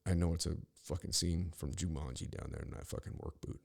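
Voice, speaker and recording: A man's voice: deep voice, fairly even intonation, brisk, darkish tone. A man hosting a podcast, telling a rambling, profane story with frequent restarts. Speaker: podcast host. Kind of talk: casual storytelling monologue.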